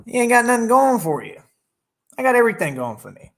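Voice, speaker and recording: A man's voice: extremely high pitch, wildly swooping pitch, quick pace, vocal fry, a bit bright, a little hiss or hum. A man on a livestream, taunting and boasting at critics in the chat. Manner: talks over his own song playing. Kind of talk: combative livestream rant.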